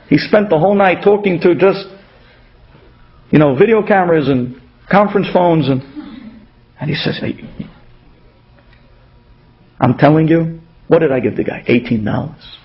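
A man's voice: on the high side, normal speed, long pauses. A man giving a storytelling sermon, acting out the dialogue of the people in his stories. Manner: animated, acts out dialogue in stories. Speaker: speaker giving a Torah talk. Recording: dull lo-fi radio recording.

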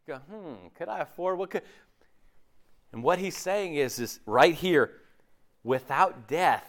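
A man preaching a sermon in a conversational, animated way, often acting out imagined voices. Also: high voice.

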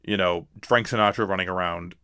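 A man's voice: sits low, fairly even intonation, fairly quick, sharp tone, clean tone, dry recording, studio quality. A man co-hosting a casual movie talk, rambling with many restarts and fillers. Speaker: podcast co-host.

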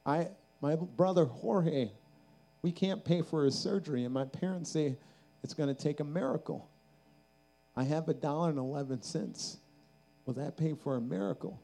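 A woman's voice: sits low, normal speed, creaky, mellow, voice pushed up. A man voicing a pleading ten-year-old girl in a told story, earnest and tearful.

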